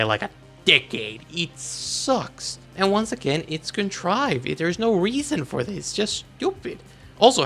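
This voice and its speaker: A man delivers video essay commentary on comics, his voice bright and fairly high for a man. He rants with exasperation, swinging his pitch widely for emphasis, over faint background music. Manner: exasperated, animated ranting.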